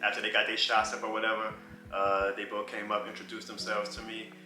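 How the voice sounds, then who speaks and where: Telling a casual personal story, a vlogger from New Orleans uses a bright, lowish voice at a brisk pace. Faint music sits under the roomy recording as he animatedly laughs and imitates people.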